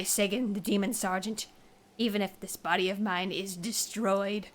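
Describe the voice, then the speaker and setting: A woman's voice: mid-range voice, fairly bright tone, lightly acted. A woman voicing a boastful young male fish-folk soldier from a video game, making dramatic, self-important declarations.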